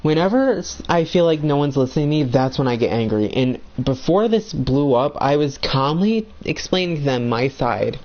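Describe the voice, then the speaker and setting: A man's voice: a little high, animated, normal speed, hardly any pauses, muffled recording. A young man ranting bluntly about friends while playing a video game, swearing a lot in a heated, agitated way.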